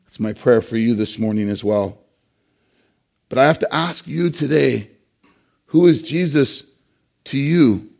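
A man pastor preaching a sermon, earnest, slowing down to stress key phrases and sometimes repeating words. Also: mid-range voice, vocal fry, darkish tone.

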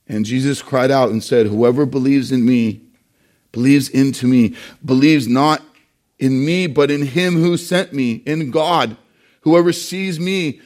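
A male pastor preaches a sermon earnestly, slowing down to stress key phrases and sometimes repeating words. His voice is medium in pitch with a somewhat dark tone.

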